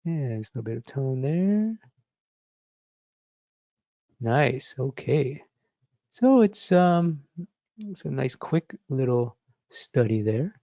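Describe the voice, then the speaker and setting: A man teaching drawing, talking through his sketch step by step as he works, thinking aloud in a relaxed, encouraging way. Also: medium pitch, slow pace, vocal fry, pauses often, dry recording, lo-fi sound. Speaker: drawing instructor. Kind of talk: live drawing demonstration.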